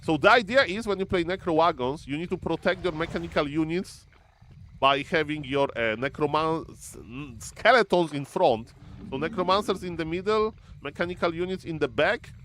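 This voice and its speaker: Guy casting a strategy game, kinda high voice, gets hyped, little hiss behind him. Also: normal speed. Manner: excitable, repeats catchphrases, addresses "ladies and gentlemen". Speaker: game caster. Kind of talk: excited esports commentary.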